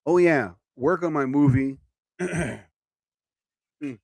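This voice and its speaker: A man's voice: a little high, takes it slowly, a little mellow, no echo. A man hosting his own live stream as a comedian, chatting casually and rambling from topic to topic.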